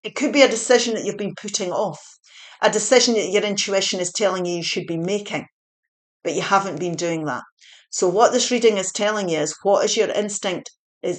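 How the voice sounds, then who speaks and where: Earnest woman giving a tarot reading. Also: medium pitch. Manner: earnest, repetitive, encouraging, with fillers. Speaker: tarot reader.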